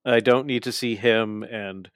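A man co-hosting a podcast, casually recapping a wrestling show and mocking the wrestlers' lines in quick asides. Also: fairly low pitch, steady tone, dry recording. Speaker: podcast co-host.

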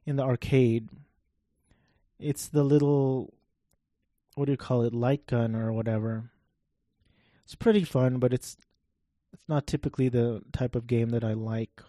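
A man with a dark, mellow and flat monotone voice talks through a game in a loose, wry commentary. He rambles and swears now and then. The sound is dry and close. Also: medium pitch, measured pace, pauses often, no room sound. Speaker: gameplay commentator. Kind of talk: casual gameplay commentary.

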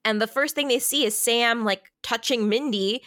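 A woman's voice: a little high, moderate pace, fairly bright tone, dry recording, clean studio sound. A woman co-hosting a podcast and casually retelling a horror film's plot. She swears a lot and laughs often. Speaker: podcast co-host. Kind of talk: casual film recap chat.

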